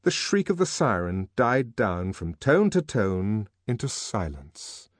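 Male audiobook narrator, expressive, measured, very animated intonation, dry recording. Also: lowish voice, dry recording. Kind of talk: scripted narration.

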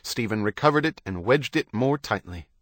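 Guy reading an audiobook, steady storytelling, dry booth sound. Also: mid-range voice, normal speed, no echo. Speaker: audiobook narrator. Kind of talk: scripted narration.

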